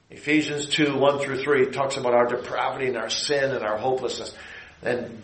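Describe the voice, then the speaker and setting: A middle-aged man preaching a sermon, building his phrases to emphatic high peaks and then dropping low. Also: steady tone, fairly quick, roomy sound, low-quality recording.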